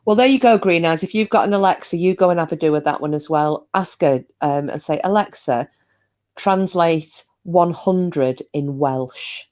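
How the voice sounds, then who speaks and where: A woman with an Australian accent and a low voice hosts a casual live stream. She chats with her viewers and answers them by name, breaking into giggles often. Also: fast, hardly any pauses, a little mellow.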